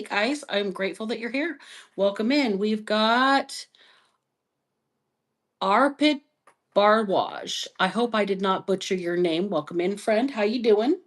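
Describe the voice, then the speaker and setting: A woman hosting a live stream psychic reading, talking slowly and musingly and spelling out letters as she goes. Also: medium pitch. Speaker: psychic reader.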